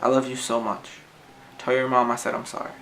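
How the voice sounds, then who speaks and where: A wounded father gently reassuring his daughter, as a man reads his lines. The voice is soft, gravelly and level, with the pitch barely moving. It stays close to the reader's plain speaking voice. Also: monotone, fairly quick, slight background noise. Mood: faint tender.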